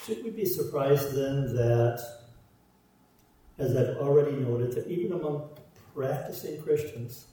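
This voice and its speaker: A man's voice: mid-range voice, lively intonation, measured pace, mellow. A man preaching a sermon, stressing his points through repeated parallel phrases. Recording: roomy echo, voice from far off.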